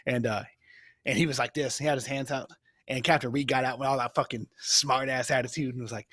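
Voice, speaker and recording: A man's voice: medium pitch, steady tone, brisk, a bit bright, dry recording, clean studio sound. A young man, a podcast co-host, telling rambling, profane stories in casual chat. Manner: rambling, swears, laughs while telling stories.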